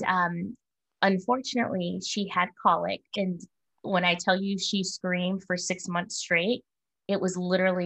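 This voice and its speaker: A woman's voice: mid-range voice, gravelly, rough recording. A woman in her forties telling a personal story in a candid, reflective way, as co-host of a casual talk. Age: 40s.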